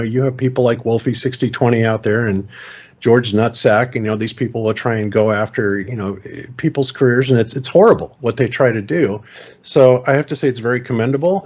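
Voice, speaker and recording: A man's voice: mid-range voice, a little mellow. Guy hosting a chat show, encouraging and chatty, dull muffled audio. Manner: encouraging, affirming. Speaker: podcast host. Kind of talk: casual interview.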